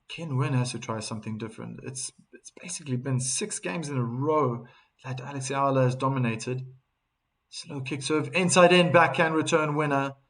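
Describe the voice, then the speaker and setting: A man with a South African accent hosting a live tennis watchalong, chatting with viewers and breaking into excited calls on big points. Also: mid-range voice. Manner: chatty, reads viewer chat messages aloud between calls. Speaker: host and tennis commentator.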